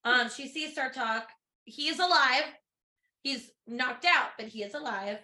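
A woman co-hosts a casual book podcast, recapping scenes in a chatty, giggly way. Her voice is bright and slightly high. The room around her is noticeably echoey. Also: a little slow. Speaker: podcast co-host. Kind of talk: casual book chat and reading aloud.

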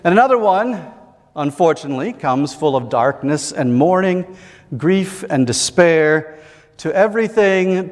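A male pastor delivers a sermon in a measured, reflective way, leaning on deliberate pauses. His voice sits high and his delivery is unhurried. A long reverb hangs after each line, as in a large church. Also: expressive.

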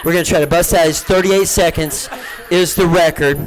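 A man runs a comic stage act, joking and coaxing his volunteers and the crowd. His voice sits a little high for a man, and it carries across a large stage in front of a live audience. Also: fairly even intonation, brisk, soft background music, poor audio. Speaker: gospel magician.

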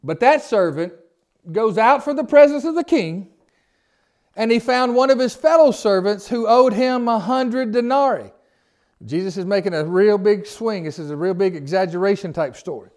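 A man with a notably high-pitched speaking voice leads an informal Bible study. He reads scripture aloud, then turns to his listeners with plain, folksy questions, often restarting his phrases as he goes. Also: expressive, moderate pace, darkish tone. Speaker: Bible teacher. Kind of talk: conversational Bible study teaching.

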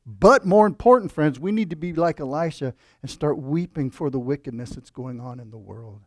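A man's voice: on the high side, normal speed, no room sound, clean studio sound. A man preaching a sermon in a conversational way, with asides and rhetorical questions to the congregation. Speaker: pastor.

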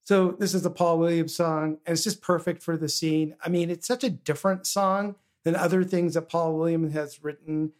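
A man's voice: on the high side, steady tone, moderate pace, few pauses, soft background music. A man hosting a podcast, chatting casually about a film with frequent ums and uhs. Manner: hesitant, many ums and uhs. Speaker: podcast host.

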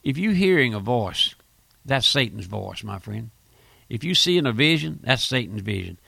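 Male radio preacher, gravelly and fervent, dry close-miked delivery. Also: mid-range voice, big pitch swings, moderate pace, pushed and bright, no echo. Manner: fervent, repeats phrases, stumbling restarts. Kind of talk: radio sermon.

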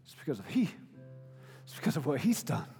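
A man preaching a sermon in a conversational, informal way, dropping to quiet reflection and then rising to loud, emphatic appeals. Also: medium pitch, huge pitch swings, brisk, in a large hall, soft background music. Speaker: pastor.

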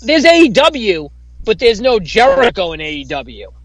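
A man's voice: high-pitched, huge pitch swings, moderate pace, a bit bright, no echo, low-quality recording. A man co-hosting a casual podcast, arguing his point emphatically and swearing often. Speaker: podcast co-host. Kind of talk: casual wrestling chat.

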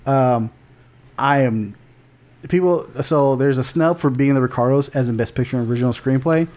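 A man's voice: medium pitch, normal speed, darkish tone. A man co-hosting a podcast, chatting casually and bluntly about film award nominations, with lots of restarts and casual swearing. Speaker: podcast co-host.

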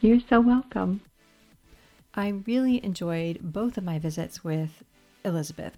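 A woman's voice: on the low side, a little slow, dark tone, soft background music, poor audio. A woman hosting a podcast interview, talking in a casual, gushing way with frequent fillers. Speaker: podcast host.

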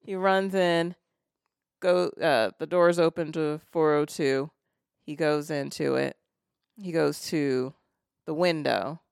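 A man's voice: on the high side, fairly even intonation, slow pace, vocal fry, pauses often, clean tone, dry recording, studio quality. A man co-hosting a podcast, retelling horror film scenes in a casual chat with lots of fillers and restarts. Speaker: podcast co-host.

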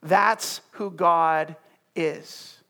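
A man preaching a sermon with passion, dropping to a hush and then rising loud. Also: a little high, steady tone, extremely slow. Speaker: pastor.

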